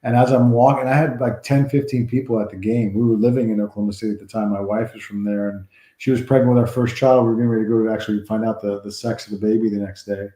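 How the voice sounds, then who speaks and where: Man, forties, ex-player guest, mellow dark tone, echoey room, rambling animated storytelling. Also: on the low side, fast. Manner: rambling, animated anecdotes with restarts. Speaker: former baseball player, guest. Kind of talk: storytelling interview.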